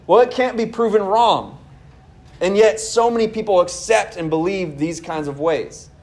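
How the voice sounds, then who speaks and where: A high-pitched young man preaching a sermon as pastor of his church. He talks earnestly and conversationally, turning to his listeners with casual asides. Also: normal speed, darkish tone.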